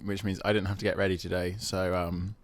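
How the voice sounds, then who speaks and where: Young man, podcast co-host, low voice, dry deadpan humour. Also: a little fast, dry recording. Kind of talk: casual chat. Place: his own house.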